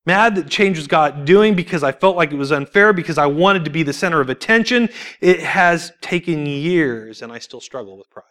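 A young adult man giving a church testimony, telling his story in an animated, informal way, laughing often and acting out what people said. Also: on the high side, normal speed. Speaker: church speaker sharing testimony. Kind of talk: sermon testimony.

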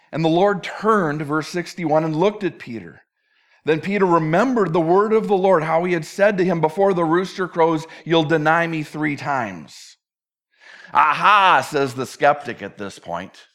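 A man preaching a sermon verse by verse, talking conversationally and slipping in playful acted asides. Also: a little high. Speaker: pastor.

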